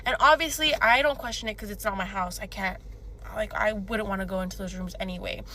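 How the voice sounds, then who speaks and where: A woman's voice: medium pitch, brisk, bright, forceful tone. Chatty woman with faint background noise. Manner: chatty, conversational. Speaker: storyteller. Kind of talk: put-a-finger-down storytime.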